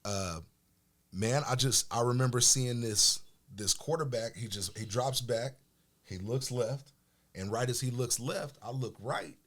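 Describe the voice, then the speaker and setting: A middle-aged man from Oklahoma, a podcast guest telling casual, animated stories about his football days. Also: mid-range voice, unhurried. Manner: animated storyteller, acts out quoted voices. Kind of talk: casual storytelling chat.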